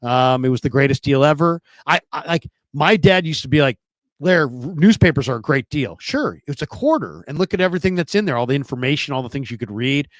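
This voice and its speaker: A man's voice: mid-range voice, big pitch swings, a little fast, no room sound. Hesitant, thoughtful male podcast host. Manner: hesitant, full of ums, thoughtful. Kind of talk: casual sports talk.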